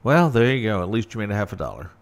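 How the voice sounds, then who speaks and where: A man's voice: fairly low pitch, very animated, fast talker. A man hosting a casual political talk radio show, brash and opinionated, with sarcastic asides.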